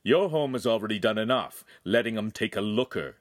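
A man's voice: on the low side, animated, brisk, no room sound, studio quality, natural voice. A man voicing a proud, irritable male city ruler, commanding and mocking in manner.

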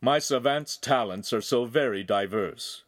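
A man's voice: medium pitch, unhurried, dry recording, clean studio sound, natural voice. A man voicing a proud, irritable male city ruler, commanding and mocking in manner.

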